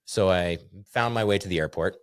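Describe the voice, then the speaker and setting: A middle-aged man from North Idaho, speaking low and a little fast in a smooth voice, guests on a casual podcast. He's an animated storyteller who laughs often and acts out dialogue, recorded in a clean, dry studio with no room sound.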